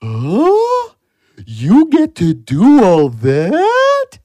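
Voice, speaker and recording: A woman doing a gentle, lonely pet dog. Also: medium pitch, huge pitch swings, slow, no room sound. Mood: surprised.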